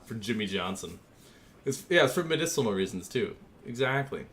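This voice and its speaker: A young gaming streamer chats casually with his viewers while designing a paint scheme, goofy and easily amused as he jokes with chat. His medium-pitched voice is brisk and fairly bright, with lively intonation. There's a little hiss or hum in the background.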